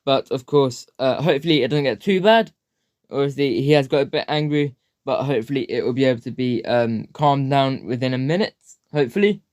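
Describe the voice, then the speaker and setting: A man's voice: mid-range voice, a little fast, darkish tone, no room sound, studio quality. A man commenting on a video as reaction host, hesitant and hedging, leaning on filler phrases. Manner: hesitant, hedging, repeats "obviously".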